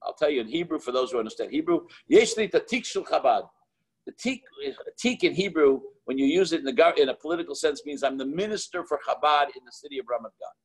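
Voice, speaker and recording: Middle-aged male rabbi, husky, higher-pitched storyteller, lively anecdotes. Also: fast talker, hardly any pauses, poor audio. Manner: animated anecdotes with quoted dialogue and filler restarts. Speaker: Chabad rabbi and author. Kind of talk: storytelling talk.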